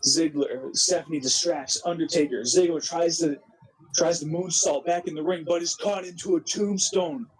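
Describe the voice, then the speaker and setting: A man narrating a wrestling simulation game with an excited play-by-play recap, animated and full of restarts. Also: a little high, breathy edge, rough recording. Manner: animated, quick, with frequent restarts.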